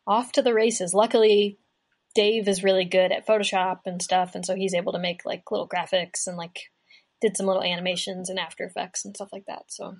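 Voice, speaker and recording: Chatty young woman guest, rambling storyteller. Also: mid-range voice. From Kentucky, US. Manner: chatty, rambling, lots of "like" fillers. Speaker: guest musician. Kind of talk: casual chat.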